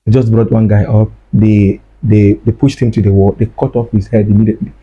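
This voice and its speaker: Husky-voiced man recounting an ordeal. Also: fairly low pitch, steady tone, fairly quick, dull audio. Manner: repeats phrases, acts out dialogue. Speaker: guest recounting his ordeal. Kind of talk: emotional first-person storytelling.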